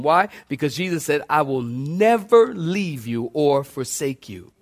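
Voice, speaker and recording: High-voiced preaching man. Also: lively intonation, measured pace. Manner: preaching with call-and-response, sweeping pitch swings; builds points by repetition. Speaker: pastor. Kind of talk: sermon.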